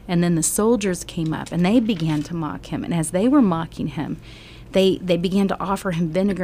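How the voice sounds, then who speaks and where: Middle-aged woman, bible teacher, slow earnest storytelling, hushed, low mellow voice. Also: slight background noise. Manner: slow and earnest, often dropping to a whisper. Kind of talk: emotional Bible storytelling lesson.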